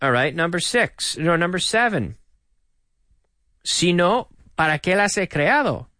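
A man teaching English on a radio show, repeating each sentence slowly for learners in an animated way. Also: sits high. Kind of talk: radio language lesson.

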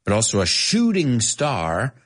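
A man teaching English on a live stream, playful and animated, often laughing at his own jokes. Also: mid-range voice, unhurried. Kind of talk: casual live-stream language lesson.

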